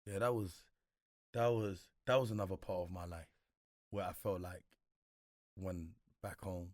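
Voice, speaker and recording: A man's voice: low voice, steady tone, measured pace, darkish tone, no echo, clean studio sound. A man, a guest in a casual interview, talking reflectively with slang and frequent repeats. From Congo.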